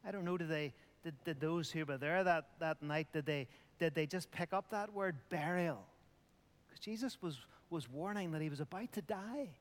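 A man's voice: on the high side, moderate pace, in a large hall. A middle-aged man preaching a communion sermon, earnest, dropping to a near whisper at tender points. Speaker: pastor.

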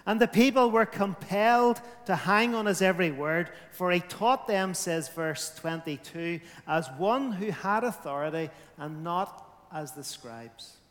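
Man preaching, high voice, loud then quiet, long hall reverb. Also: unhurried. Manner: emphatic, rising and falling in volume. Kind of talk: sermon.

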